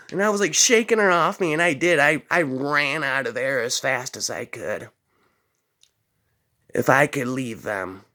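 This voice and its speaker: Slow-talking man telling a rambling story. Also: medium pitch, sharp tone. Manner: rambling, drawls, fillers like "man". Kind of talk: casual spoken storytelling.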